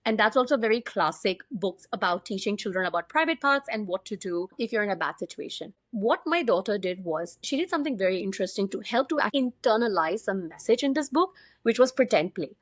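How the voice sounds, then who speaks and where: A woman in her thirties from India, co-hosting a parenting podcast and telling stories in a quick, animated way. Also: mid-range voice, dry recording. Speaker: podcast co-host, pediatric sleep consultant. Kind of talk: casual podcast chat.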